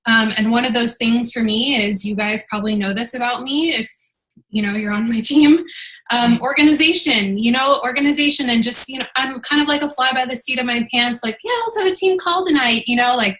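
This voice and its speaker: A woman's voice: on the high side, fairly quick, a bit bright, rough recording. A woman in her thirties hosting a team video call, chatting casually and rambling with many fillers. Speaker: team leader and host.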